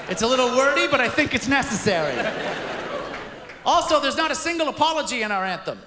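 Male comic, very high voice, punchy wry delivery, live stage recording that echoes, with crowd laughter behind. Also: expressive, fast. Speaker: stand-up comedian. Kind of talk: live stand-up comedy set. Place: stage at a live taping before an audience. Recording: echoey venue with crowd noise. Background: audience laughter and ambience.

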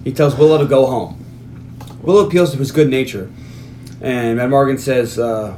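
A man's voice: mid-range voice, dark tone, slight background noise. A man co-hosting a movie podcast, casually retelling scenes, laughing and swearing often. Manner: laughing, profane, retells scenes with quick voiced quotes. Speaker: podcast co-host. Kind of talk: casual movie recap chat.

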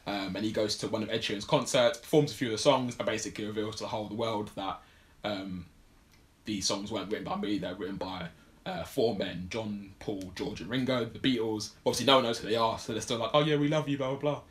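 A man's voice: lowish voice, steady tone, fast talker. A man casually recapping a film plot on a podcast, rambling with lots of fillers. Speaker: podcast co-host. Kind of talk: casual film review chat.

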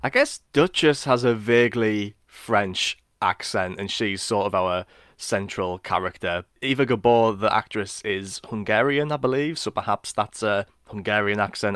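A man's voice: lowish voice, animated, normal speed, a bit bright, dry recording, clean studio sound. A man co-hosting a casual film podcast, thoughtful and knowledgeable. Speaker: podcast co-host.

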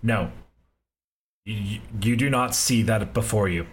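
A man's voice: on the low side, a little hiss or hum. Man voicing a solemn grieving forest elder. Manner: solemn, measured speech.

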